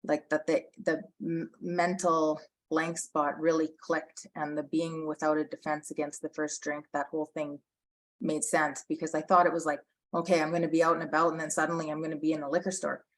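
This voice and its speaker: A woman's voice: low-pitched, flat delivery, fairly quick, low-quality recording. A woman co-hosting a recovery podcast, telling her own story earnestly in casual talk with many fillers and restarts. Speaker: podcast co-host. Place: Medicine Hat, Canada, as origin of story not origin.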